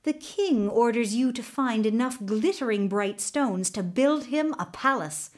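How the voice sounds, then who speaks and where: Crooked court governor for a storybook, a woman reading, low and menacing, unhurried. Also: expressive. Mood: scheming. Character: scheming dishonest male royal governor. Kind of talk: storybook narration.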